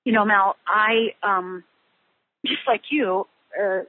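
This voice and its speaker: A middle-aged woman being interviewed, telling her personal story in a halting way with many restarts and fillers. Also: mid-range voice. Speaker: guest. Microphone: phone line. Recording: tinny phone line.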